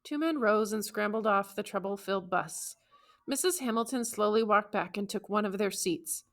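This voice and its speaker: Bright-toned woman reading an audiobook. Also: mid-range voice, moderate pace. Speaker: audiobook narrator. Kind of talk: scripted first-person audiobook narration.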